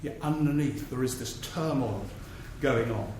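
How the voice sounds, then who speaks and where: A man's voice: mid-range voice, a little slow. A man, a political journalist, telling anecdotes in a live stage talk before an audience and mimicking politicians' voices for laughs. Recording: very echoey live theatre recording, faint noise.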